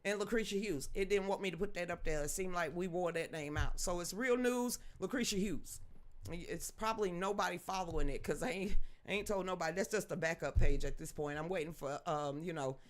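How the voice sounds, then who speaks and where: Loud, joking woman streaming live. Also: on the low side. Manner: loud, blunt and joking, laughs often, swears freely. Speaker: livestream host. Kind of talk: casual live-stream chat with viewers. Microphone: studio microphone with a level meter.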